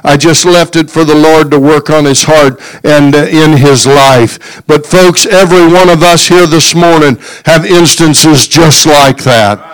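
A man's voice: a little high, unhurried, few pauses, smooth, rough recording. A man preaching a sermon to his congregation, telling a story and then exhorting with frequent amens. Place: church.

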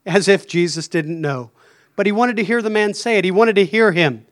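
A man's voice: high voice, moderate pace. A man preaching a fervent sermon, stopping often to say "Amen.". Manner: fervent, punctuates phrases with "Amen".

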